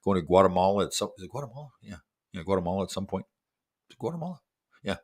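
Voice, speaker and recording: A man's voice: sits low, lively intonation, rapid-fire, a little mellow. A man in his sixties hosting a casual livestream chat, rambling and making self-deprecating jokes. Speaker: show host.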